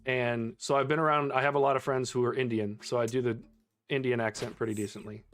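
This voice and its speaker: A man's voice: medium pitch, flat delivery, quick pace, a bit bright, soft background music. A young man chatting casually with his viewers while he plays a game on stream, laughing often. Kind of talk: casual live-stream chat while gaming.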